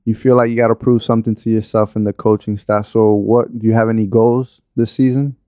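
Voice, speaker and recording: A man hosting a relaxed sports interview, his voice low and smooth. He keeps his answers short and affirming. The sound is dry and close, but dull. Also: no room sound. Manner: laid-back, affirming, quick short replies. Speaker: interviewer, host.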